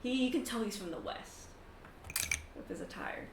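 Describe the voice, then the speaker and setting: A woman narrating as game master of a tabletop game, chatty and quick to laugh. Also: fairly high pitch, animated, creaky, distant mic, noisy background. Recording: echoey room.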